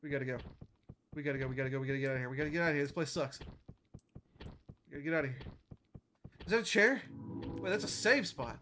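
A nervous, jumpy woman provides live gameplay commentary, addressing herself and her chat and swearing frequently as her volume wavers. Her very deep voice comes rapid-fire yet pauses often, against slight background noise.

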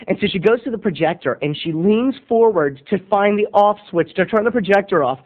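A man in his thirties, an animated, giggly video blogger telling a comic story straight to his viewers. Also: sits high, fairly quick, few pauses. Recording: tinny lo-fi webcam audio.

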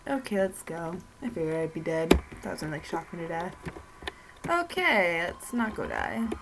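A woman's voice: lowish voice, very animated, moderate pace, background noise. A woman giving casual commentary while playing a horror game, chatting to herself as she goes. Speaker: let's play commentator. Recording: game music playing behind. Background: game music.

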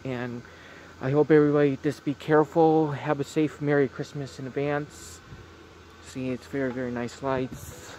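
A man at an ordinary pitch talks softly into a phone outside at night, repeating the same warm little phrases as he films. Faint outdoor noise and passing cars sit behind him. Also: flat delivery, moderate pace. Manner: repetitive, gentle, keeps saying very very nice. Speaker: vlogger. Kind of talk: casual vlog tour.

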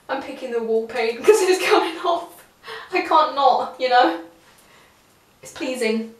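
A woman's voice: high-pitched, expressive, measured pace, long pauses. Giggly young woman in an echoey room. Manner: rambling, giggly and self-mocking. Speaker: vlogger. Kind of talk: casual chat to camera. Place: small indoor room. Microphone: camera on a tripod a few feet off. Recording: echoey room, voice from the camera's distance.

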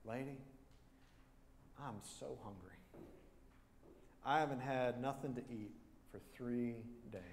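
A man's voice: medium pitch, takes it slowly, long pauses, a little hiss or hum. A man voicing a hungry, desperate young man on the run in a sermon story, with long church reverb. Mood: weak. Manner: desperate, pleading.

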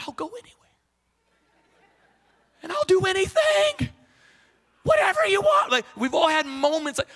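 A man preaching a sermon as pastor, animated and conversational, with quick restarts and acted-out quotes. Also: high voice. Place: church stage.

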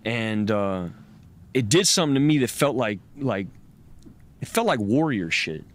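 A man telling a personal story as a podcast guest in a loose, animated, profane way. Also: on the low side, unhurried. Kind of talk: casual storytelling.

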